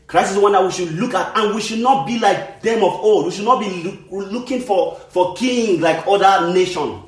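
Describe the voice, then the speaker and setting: Male preacher, earnest and repetitive, slightly high voice, echoey room. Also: moderate pace. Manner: earnest, repetitive, restarts phrases for emphasis. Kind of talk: sermon.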